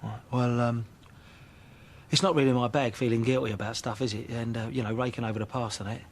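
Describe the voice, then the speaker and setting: A man's voice: medium pitch, steady tone, a little fast, close to an everyday voice. An actor playing a blunt, sarcastic father who argues with his wife. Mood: awkward apology.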